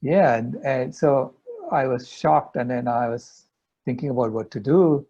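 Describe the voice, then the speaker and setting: A man's voice: medium pitch, a little slow, warm tone, breathy edge. An older man, a guest in an interview, earnestly telling a personal story. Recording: dull lo-fi audio.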